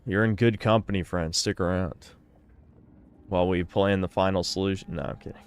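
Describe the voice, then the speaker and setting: Sardonic low-voiced male streamer. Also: fairly even intonation, normal speed, clear, resonant tone. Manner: sardonic and profane. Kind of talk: live stream chat reading donations.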